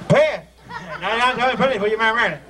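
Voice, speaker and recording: A man's voice: very high voice, a little fast, bright, forceful tone. A man leading a joking ceremony, teasing and laughing as he calls people up. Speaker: ceremony master. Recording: noisy crowd, distant amateur video.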